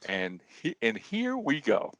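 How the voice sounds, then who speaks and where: A man co-hosting a podcast in casual chat, an animated storyteller who often restarts his words. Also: mid-range voice, a little slow, no room sound. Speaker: podcast co-host.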